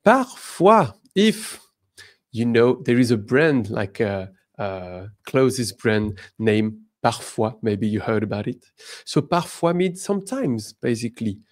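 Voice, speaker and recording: French guy teaching a lesson, upbeat, pitch jumps all over, talks slow. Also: lively intonation, darkish tone. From France. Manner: upbeat, encouraging, slow careful examples. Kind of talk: online language lesson.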